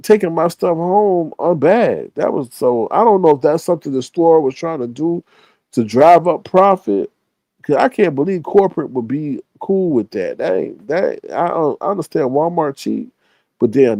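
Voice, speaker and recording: A man's voice: no echo, poor audio. Casual male streamer, dry close sound. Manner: animated, acts out quoted people with higher pitch; profane, slangy. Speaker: live stream host. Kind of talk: casual storytelling to a live audience.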